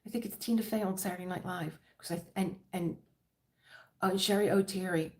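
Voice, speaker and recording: A chatty middle-aged woman with a Philadelphia accent hosts a casual crafting livestream, her voice sitting a little low. She rambles from thought to thought and laughs often as she talks. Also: a little fast, a little mellow. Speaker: diamond painting livestream host.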